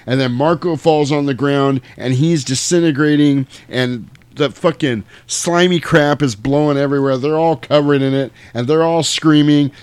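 A man casually retelling a movie plot, animated and swearing, now and then jumping into loud character voices. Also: a little high, clear, resonant tone, no echo. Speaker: podcast host retelling a movie. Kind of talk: casual chat.

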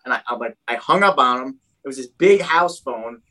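A young adult man telling his own story in a casual, animated way, full of "like" and "dude". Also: medium pitch, fairly quick, few pauses, rough recording. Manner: animated, heavy use of "like" and "dude".

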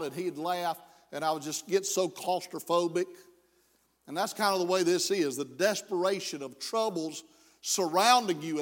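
A middle-aged man preaching a sermon, folksy and self-deprecating, rising to slow emphatic pleas. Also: on the high side. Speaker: pastor. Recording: long hall reverb.

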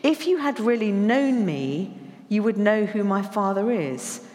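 A woman preacher from England giving a conversational sermon in a church, slowing down to read scripture with emphasis. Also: mid-range voice, animated, darkish tone. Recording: church hall reverb.

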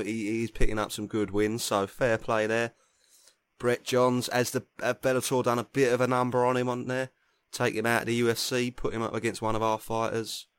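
Relaxed man on a dry mic. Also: mid-range voice, clear, resonant tone, no echo. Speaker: podcast co-host. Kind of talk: casual sports chat.

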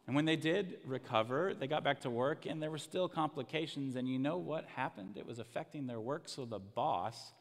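A man delivering a sermon as a pastor, telling stories and sinking into hushed, emotional quiet at tender moments. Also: mid-range voice, moderate pace, hardly any pauses, in a large hall. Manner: storytelling, dropping to a hushed, emotional near-whisper in quiet passages.

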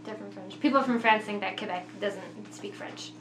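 A woman from Ontario, Canada, calmly explaining in casual chat. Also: medium pitch, normal speed. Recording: echoey room with audible hum.

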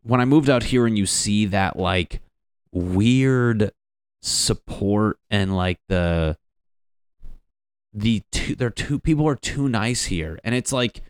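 A man's voice: fairly low pitch, takes it slowly, clean tone, no room sound, studio quality. A young man doing a stand-up comedy bit, rambling and profane, acting out quotes as he goes.

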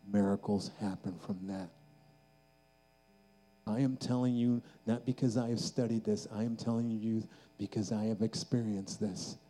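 A man's voice: on the low side, warm tone, rough recording. A man preaching at a youth camp, telling a story and building to a fervent call. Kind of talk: sermon.

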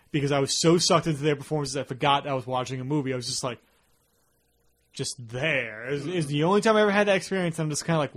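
A man hosting a casual podcast, telling stories with energy and slipping into quick impressions. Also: mid-range voice. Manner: animated storyteller, slips into impressions. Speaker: podcast host. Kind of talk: casual chat.

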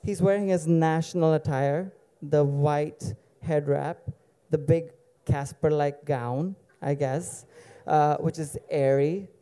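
A man's voice: fairly high pitch, steady tone, takes it slowly, dark tone, clear, resonant tone. A man from Dubai telling a personal story to an audience in a casual, digressive way with wry asides.

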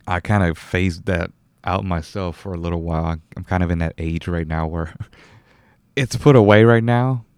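A man's voice: deep voice, moderate pace, a little mellow, clean tone, no room sound. A young man hosting a solo podcast, rambling casually, correcting himself and chuckling now and then. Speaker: podcast host.

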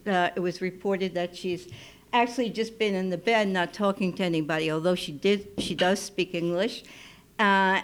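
Slow-spoken woman telling a personal story. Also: medium pitch. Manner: unhurried, intimate, drops to soft near-whispers when quoting. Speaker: storyteller, midwife. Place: radio station studio. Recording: live radio broadcast, faint noise.

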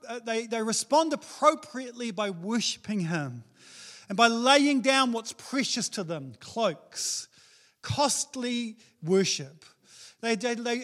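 A man's voice: extremely high pitch, a bit bright. A man with a New Zealand accent preaching a sermon as a pastor, casual and joking in his delivery.

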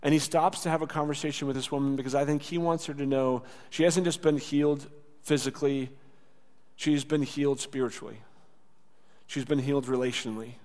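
Conversational pastor in a reverberant church. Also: male voice, medium pitch, steady tone, brisk. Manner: conversational, acts out quoted lines, drops soft for tender words. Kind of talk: sermon. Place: church sanctuary. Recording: church hall with long reverb.

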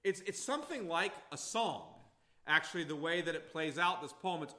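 A pastor preaching an expository sermon, emphatic and repeating phrases for stress. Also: male voice, fairly high pitch, expressive, normal speed, sharp tone. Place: church sanctuary.

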